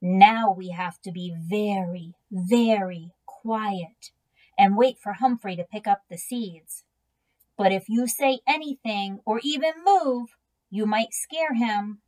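A woman's voice: medium pitch, takes it slowly, a little mellow, lightly acted. A woman reading a children's storybook aloud and voicing a flustered middle-aged father who is a school principal, alternately pleading and firm. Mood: hushed coaxing. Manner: pleading, then firm and coaxing.

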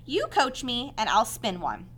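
A woman reading aloud and voicing a young male pig who is eager, naive and boastful, with an excited, raised delivery. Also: fairly high pitch, a little slow, pitched above the performer's own voice, heavily acted.

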